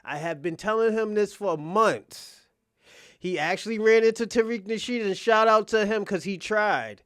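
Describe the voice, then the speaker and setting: Male reaction host, high-pitched and blunt, speaking on a dry close mic. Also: moderate pace, a bit bright, clear, resonant tone, no echo. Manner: blunt, swearing, talks to the viewers directly. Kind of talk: casual reaction commentary.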